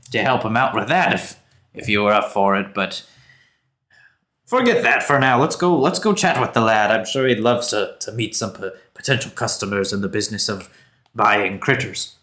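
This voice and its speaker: A man's voice: fairly low pitch, animated, moderate pace, pushed and bright. A man voicing a friendly male dwarf townsman who talks in a chatty, hesitant way. The figure belongs to a tabletop game.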